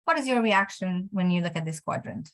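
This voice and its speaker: A woman's voice: fairly low pitch, animated, fairly quick. A woman coaching a student on his career, talking encouragingly with many restarts and fillers. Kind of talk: coaching session.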